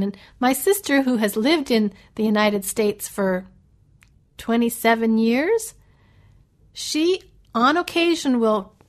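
A middle-aged woman with a Canadian accent who teaches in an unhurried, deliberate way. Her voice sits a little high and she speaks very slowly. She reads items from a list aloud clearly, one at a time. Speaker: English teacher. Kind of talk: slow, careful teaching talk.

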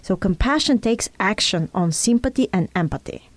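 A woman's voice: mid-range voice, lively intonation, moderate pace. A woman in an earnest conversation, explaining ideas in a teaching tone and drawing on personal examples. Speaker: speaker in a conversation.

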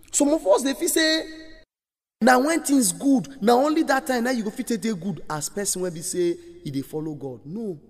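A man with a Nigerian accent preaching to children in an animated, storytelling way, his voice sitting high and swinging widely. A long hall reverb trails his words. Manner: animated storytelling with acted-out quotes. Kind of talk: sermon.

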